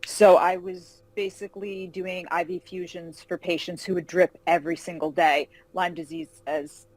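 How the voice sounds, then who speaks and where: A woman novelist being interviewed over a video call, telling animated anecdotes and acting out quoted voices. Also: lowish voice, normal speed, rough recording. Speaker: fantasy novelist guest. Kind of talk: casual interview storytelling.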